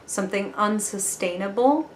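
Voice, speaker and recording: A woman at a mid-range pitch talks her way through a tarot reading in a chatty, earnest tone and swears casually now and then. Her voice rings around an echoey room. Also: moderate pace, a little hiss or hum. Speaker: tarot reader.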